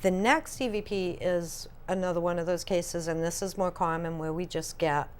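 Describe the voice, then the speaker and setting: A woman co-hosting a casual paranormal chat, telling stories in a chatty, animated way. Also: on the low side, moderate pace, slight background noise. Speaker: paranormal podcast co-host.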